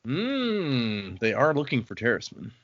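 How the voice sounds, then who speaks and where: A man's voice: mid-range voice, huge pitch swings, measured pace, fairly bright tone, dry recording. A man chats through a book chapter on a podcast, retelling scenes and quoting the characters as he goes. His voice sits in a middle register. The recording is dry and a touch dull. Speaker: podcast co-host. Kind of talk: casual book discussion.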